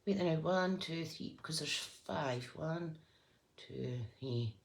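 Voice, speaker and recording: A woman with a notably low voice hosts a live scrapbooking session from her craft table. She chats as she works, hums to herself and breaks off to greet viewers by name. Faint noise sits behind her. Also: slow, creaky. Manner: chatty, thinks aloud and hums while working. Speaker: craft host.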